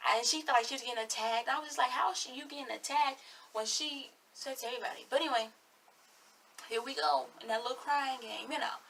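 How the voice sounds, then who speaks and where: A woman's voice: high voice, fast talker, creaky, a bit bright, far from the mic, a little hiss or hum. An eighteen-year-old woman giving sassy, blunt, chatty commentary on a reality show in her vlog. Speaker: vlogger.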